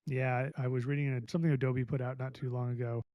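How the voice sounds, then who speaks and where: A man's voice: medium pitch, level tone, fast talker, no room sound, muffled recording. A man hosting a podcast interview, chatting enthusiastically and casually with fillers. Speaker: podcast host.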